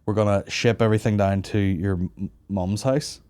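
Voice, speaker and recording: A man's voice: on the low side, fairly even intonation, normal speed, warm tone, smooth. Giddy man, crude and jokey. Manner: crude, jokey, swears a lot, puts on voices in stories. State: giddy and tired. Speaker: podcast host. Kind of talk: casual comedic banter.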